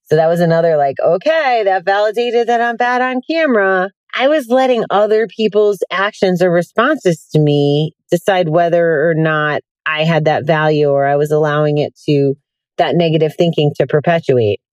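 A low-voiced woman talks candidly into her podcast from a parked car. She sounds tired and keeps a loose, chatty flow full of fillers, and the sound is dry and close. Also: moderate pace, darkish tone, dry recording. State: tired, yawning. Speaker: podcast host. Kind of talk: casual self-help podcast monologue. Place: sitting in a hot car.

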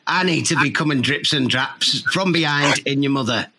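A man's voice: on the high side, normal speed, background noise, close to an everyday voice. A man playing a crude, boastful older football club chairman in a comedy sketch. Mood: gleeful. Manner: crude, boastful, laughs at own jokes.

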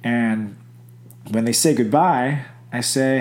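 A man's voice: mid-range voice, moderate pace, reverberant. A young man co-hosting a casual chat, telling crude stories with lots of swearing. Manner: crude, animated storyteller, swears a lot.

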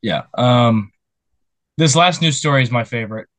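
Jokey young man, mid-pitched voice. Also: animated, moderate pace, fairly bright tone, no room sound. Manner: jokey, laughs while talking. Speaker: podcast co-host reading news stories. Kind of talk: casual chat.

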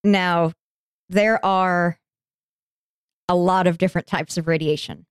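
Smooth-voiced woman telling a story casually. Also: fairly low pitch, steady tone, takes it slowly, dry recording, studio quality. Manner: chatty, informal, swears casually. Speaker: podcast host.

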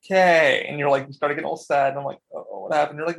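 A young man co-hosting a casual podcast about video games, animated and swearing freely as he acts out quotes. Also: fairly high pitch, brisk, creaky, low-quality recording. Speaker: podcast co-host.

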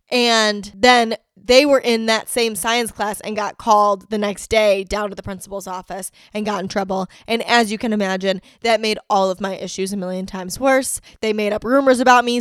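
A woman hosting a podcast, telling personal stories in a frank, profane way, moving from quiet reflection to heated outbursts. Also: a little high, smooth, dry recording, studio quality. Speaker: podcast host. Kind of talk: candid personal storytelling.

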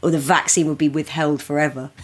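A woman's voice: deep voice, fairly even intonation, normal speed, slightly rough. A woman, a comedian, chatting as a podcast guest and laughing often. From United Kingdom. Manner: laughs often, breaks into comic voices of film characters. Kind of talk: casual podcast chat. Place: remote, across the ocean from the hosts.

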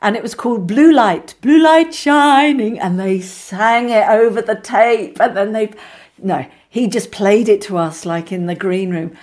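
A middle-aged woman, an actress being interviewed, telling lively anecdotes with many restarts and asides. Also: medium pitch, a little slow. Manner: chatty, animated storyteller with many restarts.

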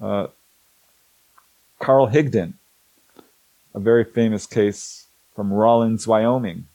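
A middle-aged man telling stories in a casual, animated way, acting out the people he quotes and laughing often. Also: lowish voice, slow pace, no echo, low-quality recording. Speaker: host, author on alien abduction cases. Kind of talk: casual storytelling talk.

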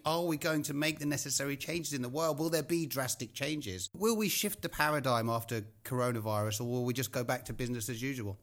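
A man hosting a podcast, speaking in a measured way and asking reflective questions in casual conversation. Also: medium pitch, a bit bright. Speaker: podcast host.

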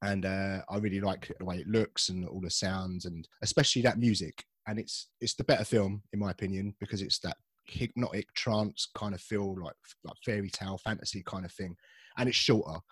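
A man's voice: deep voice, a little fast, husky, dry recording, studio quality. A man co-hosting a podcast in casual chat, jokey and rambling about films. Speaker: podcast co-host.

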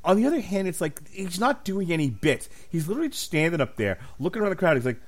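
A man co-hosting a podcast, telling profane stories with loud mimicked voices. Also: high voice, fast. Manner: profane, animated storyteller, mimics voices loudly. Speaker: podcast co-host. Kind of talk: casual chat.

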